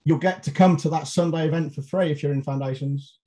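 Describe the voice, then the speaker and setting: A man's voice: on the high side, steady tone, fairly quick, warm tone. A middle-aged man, co-hosting a podcast in blunt, outspoken, sweary casual chat. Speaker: podcast co-host.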